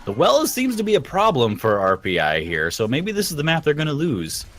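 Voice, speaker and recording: A man giving relaxed, chatty color commentary during a live esports match. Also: on the high side, fairly quick.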